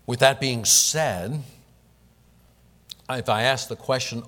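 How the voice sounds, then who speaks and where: A middle-aged man, a pastor, leading a prayer and then preaching with earnest, emphatic delivery and deliberate pauses. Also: mid-range voice, fairly bright tone. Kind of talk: prayer and sermon. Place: church sanctuary. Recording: long reverb of a church hall.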